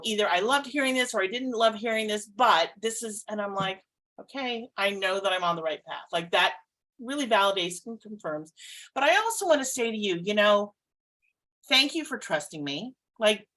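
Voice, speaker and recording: A woman psychic co-hosting a podcast in casual chat, expressive, laughing often and swearing lightly. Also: medium pitch, low-quality recording.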